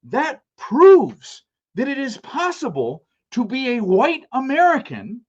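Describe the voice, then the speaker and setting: A man's voice: very high-pitched, wildly swooping pitch, slow, lo-fi sound. A man co-hosting a podcast in casual discussion, rambling and repeating himself as he restarts his sentences. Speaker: podcast co-host.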